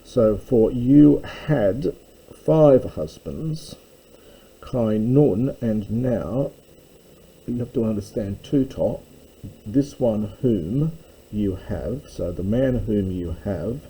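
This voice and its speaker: A man teaching a slow, methodical line-by-line translation lesson, explaining grammar with pauses and fillers. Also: lowish voice, warm tone, poor audio. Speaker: Greek teacher.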